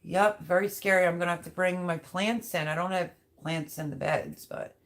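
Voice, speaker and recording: At normal speed and in a lowish voice, a livestream host reads viewers' comments aloud, chatting and rambling to them casually.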